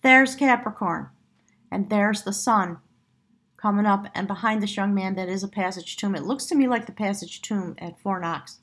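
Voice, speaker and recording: A woman with a husky, airy voice reads tarot cards to camera. She talks in an effusive, heartfelt way and drifts between thoughts with gentle fillers. Her pitch sits in an ordinary middle range. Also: moderate pace. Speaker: tarot reader. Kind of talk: spiritual tarot reading to camera.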